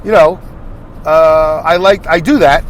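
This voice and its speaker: A man's voice: fairly high pitch, fairly even intonation, measured pace. A man hosting his podcast alone, rambling through a monologue full of fillers and restarts while he drives. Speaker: podcast host. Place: car driving on a highway. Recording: faint road noise in a moving car.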